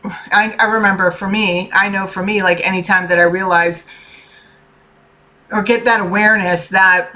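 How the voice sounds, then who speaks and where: A woman's voice: mid-range voice, steady tone, moderate pace, pushed and bright. A woman, a tarot reader and life coach, giving a chatty, earnest motivational talk to her viewers. She keeps checking in with "okay?" and swears casually. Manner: earnest and heartfelt.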